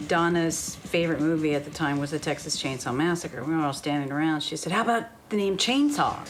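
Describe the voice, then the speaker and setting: A woman's voice: low-pitched, fairly quick, music in the background. An older woman interviewed for a documentary, telling candid stories about the past. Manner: candid, storytelling.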